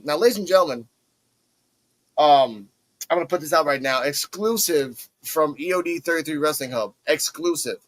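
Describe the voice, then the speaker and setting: A man hosting a casual wrestling review podcast, talking in an animated way and acting out the wrestlers' lines. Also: a little high, poor audio. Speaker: podcast host.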